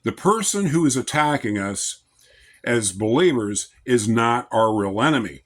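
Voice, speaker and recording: Man, mid-pitched voice, calm and measured, conversational devotional talk. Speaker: Christian lay speaker.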